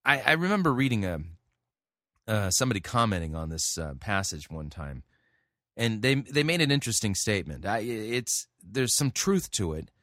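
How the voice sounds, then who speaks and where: A man preaching a sermon, reading scripture aloud and then explaining it in an earnest, halting way with many restarts. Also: on the low side, sing-song, a bit bright, dry recording, clean studio sound. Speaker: pastor. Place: church.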